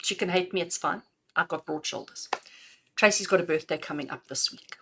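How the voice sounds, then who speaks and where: A middle-aged woman with a bright, clear tone gives intuitive messages on a live stream. She talks in a chatty, affectionate way and laughs easily between readings. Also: lowish voice, brisk. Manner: affectionate, chatty, calls listeners "my darling". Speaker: intuitive reader.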